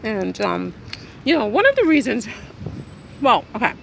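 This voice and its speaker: Chatty woman vlogging, gravelly edge. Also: fairly high pitch, sing-song, a little slow. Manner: chatty, rambling, talks while eating. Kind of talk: casual chat to camera. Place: outdoors in hot weather. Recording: faint background noise.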